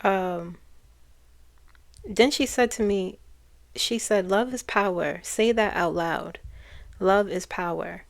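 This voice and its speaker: Speaking in a medium-pitched, creaky voice, this woman passes on channeled messages to her audience with earnest intensity. She often stops, starts over and repeats herself.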